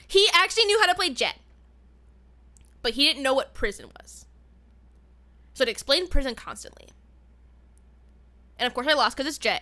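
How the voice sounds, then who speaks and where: A young woman streamer chatting casually on a livestream, ranting with laughter and frequent swearing. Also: high voice. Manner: animated, swearing, laughing rants. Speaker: VTuber streamer.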